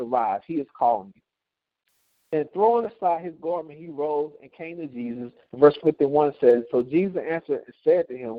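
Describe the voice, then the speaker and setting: A man teaching a Bible study and leading a closing prayer, preaching emphatically with rising and falling loudness. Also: a little high, dry recording. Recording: tinny phone-line sound, dry.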